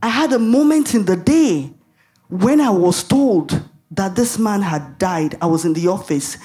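A woman's voice: mid-range voice, animated, unhurried, warm tone. Emphatic woman preaching a sermon. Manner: emphatic, rhetorical questions, laughs at herself.

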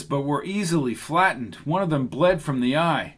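A man reading an audiobook in steady scripted narration. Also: on the high side, moderate pace, few pauses, slightly rough.

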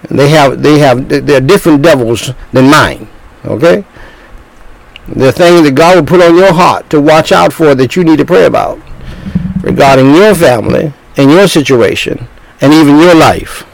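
A man's voice: a little high, moderate pace, gravelly, no room sound, low-quality recording. An older man in his sixties preaching a sermon as a pastor, talking in bursts with repeated words and restarts.

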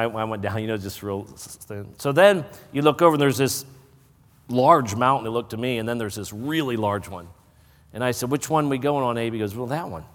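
A middle-aged man preaching a sermon, telling a folksy personal story before rising into loud preaching. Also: mid-range voice. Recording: hall reverb.

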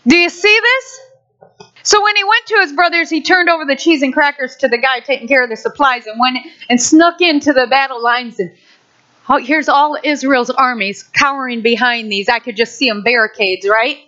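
A woman preaching in an animated way, acting out the story as she goes. Her voice sits high and bright. The recording sounds dull and lo-fi. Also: normal speed. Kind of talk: sermon.

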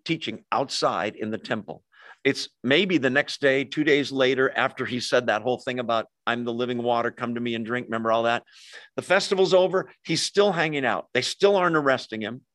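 Male pastor, middle-pitched, chatty storyteller, dry close-miked sound, asides to the room. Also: no echo. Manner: conversational, animated storytelling with quick asides to the congregation. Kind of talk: sermon.

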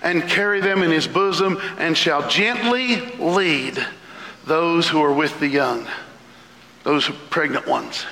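A man preaching a sermon as pastor, fervent, shouting out lists and leaping up in pitch. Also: takes it slowly, slight background noise. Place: church sanctuary. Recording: echoey hall.

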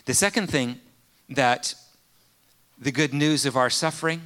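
A man preaching a sermon, telling a personal story earnestly with many pauses and fillers. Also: medium pitch, sharp tone.

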